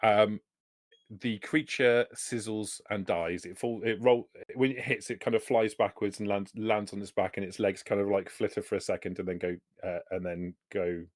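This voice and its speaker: Low-voiced man running a tabletop game. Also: no echo, clean studio sound. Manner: relaxed, halting narration with fillers. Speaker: game master.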